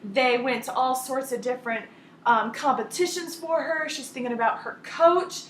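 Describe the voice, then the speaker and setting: Woman, high voice, animated storyteller, echoey room, faint noise behind. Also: normal speed. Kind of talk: retelling a story on a team call.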